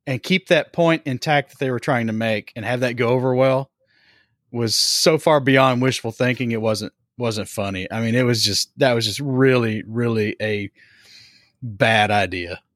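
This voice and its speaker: A man's voice: medium pitch, no echo. Male podcast host, laid-back and conversational, mid voice, dry close recording. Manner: relaxed, unhurried, trailing off with fillers. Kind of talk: casual podcast chat.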